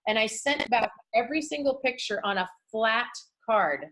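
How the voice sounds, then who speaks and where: A woman's voice: a little high, expressive, moderate pace, fairly bright tone. A middle-aged woman from California giving a motivational talk to a group in a chatty storytelling way, acting out what people say. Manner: chatty, storytelling, acts out quotes. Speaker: motivational speaker.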